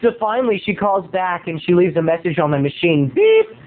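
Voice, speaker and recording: A man's voice: sits high, brisk, phone-quality sound. A man video blogging from home into his camera, telling a gossipy comic story in a theatrical, playful manner. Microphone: home camera mic.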